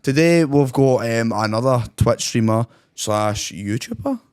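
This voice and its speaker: A man's voice: medium pitch, expressive, measured pace, darkish tone, clear, resonant tone, dry recording, studio quality. A young Scottish man hosting a casual podcast chat, rambling with fillers and swearing freely. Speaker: podcast host.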